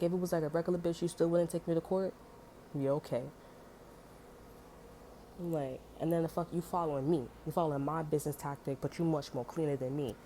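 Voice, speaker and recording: A woman's voice: deep voice, mellow, a little hiss or hum. A woman telling a story in a casual, heated monologue, swearing often and filling her talk with "you know" and "like". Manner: heated, profane, many fillers.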